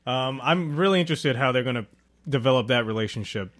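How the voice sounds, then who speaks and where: A man with an ordinary mid-range voice, talking in a relaxed, easygoing way. He asks questions, adds small observations and reads out facts as he goes. It is a casual conversation between two friends discussing a show. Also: medium pitch, quick pace. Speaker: podcast co-host.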